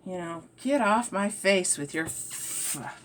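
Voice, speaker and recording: A woman's voice: lowish voice, lively intonation, takes it slowly, noisy background. A woman vlogger talking in a rambling, emphatic monologue that trails off and restarts. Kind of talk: rambling spiritual-political monologue.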